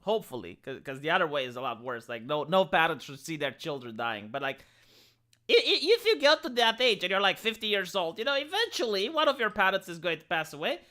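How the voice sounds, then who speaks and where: Reacting to a video on his live stream, a Romanian man gives casual commentary full of restarts and filler words. His voice sits high and sounds sing-song, pushed and bright, moving fairly quickly.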